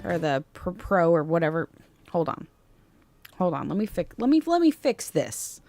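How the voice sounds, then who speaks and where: A woman's voice: lowish voice, very animated, moderate pace, a little mellow, no echo, soft background music. A woman streaming live, chatting casually and joking about herself while reacting to a cooking video. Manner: playful, self-joking, chatty asides to chat. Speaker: VTuber streamer.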